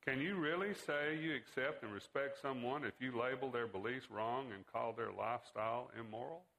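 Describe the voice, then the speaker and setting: A man's voice: medium pitch, moderate pace, vocal fry, a bit bright, poor audio. A man voicing an earnest teenage boy who confronts his father with pointed questions, in a read-aloud story. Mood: indignant.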